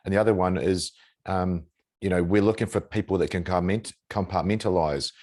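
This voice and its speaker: A middle-aged man hosting a podcast interview, calm and reassuring as he explains things step by step. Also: sits low, fairly quick. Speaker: podcast host. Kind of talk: casual interview chat.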